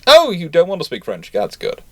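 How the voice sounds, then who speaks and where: A man voicing a personified sailing warship that talks with exaggerated, drawn-out politeness. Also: fairly high pitch, wildly swooping pitch, a bit bright, no room sound, studio quality, voice pushed up, exaggerated voice. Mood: mock-polite.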